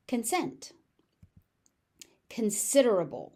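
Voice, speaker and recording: A woman with a General American accent teaching pronunciation, repeating each word slowly and deliberately. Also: medium pitch, animated, dark tone. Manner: slow, deliberate word drilling with repeated examples. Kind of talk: pronunciation lesson.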